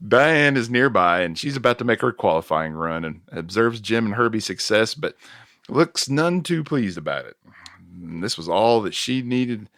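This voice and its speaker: Podcast host, male, low-pitched, relaxed recap delivery, dry close mic. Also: normal speed, dry recording. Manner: recounts scenes with chuckles and self-corrections. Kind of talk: casual plot recap chat.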